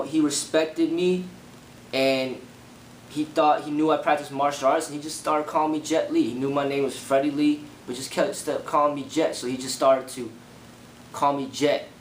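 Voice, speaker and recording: The young martial arts channel host talks casually and rambles about things that happened to him, repeating fillers often. The room is echoey, with a faint rumble underneath.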